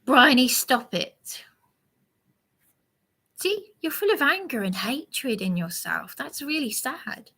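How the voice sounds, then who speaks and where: A woman rambling through a live monologue, preaching and sounding aggrieved as she answers a commenter in a slow, halting way. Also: high-pitched, big pitch swings, creaky, sharp tone, slightly rough.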